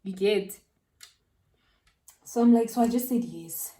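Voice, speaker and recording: South African woman telling an animated story. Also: medium pitch, unhurried, far from the mic. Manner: animated, laughing, slangy. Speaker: beauty vlogger. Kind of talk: storytelling while doing makeup.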